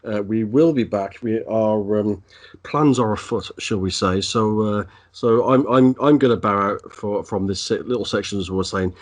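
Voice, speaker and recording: A man with a fairly low voice, chatting easily on a podcast. He agrees readily and pauses often, filling the gaps with ums and uhs. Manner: agreeable, hesitant, many fillers. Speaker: podcast co-host. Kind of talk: casual chat.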